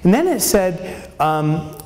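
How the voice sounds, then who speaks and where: A man giving a humorous business keynote on stage, telling a story in an animated way and acting out scenes with shouts. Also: high-pitched, slow. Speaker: keynote speaker. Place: on stage in a large venue. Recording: long hall reverb.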